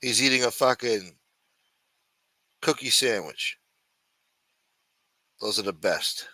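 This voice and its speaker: A man's voice: on the low side, takes it slowly, bright, forceful tone, no echo. A man hosting a livestream, rambling in a sarcastic, profane, casual way. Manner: rambling, sarcastic, heavy swearing. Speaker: livestream host.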